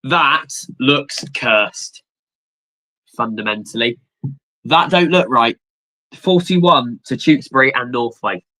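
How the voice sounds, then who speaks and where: Young male streamer, excitable rambler, sharp bright tone. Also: medium pitch, slow, pauses often, low-quality recording. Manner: rambling, excitable, swears casually. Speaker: livestream host. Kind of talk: casual watchalong chat.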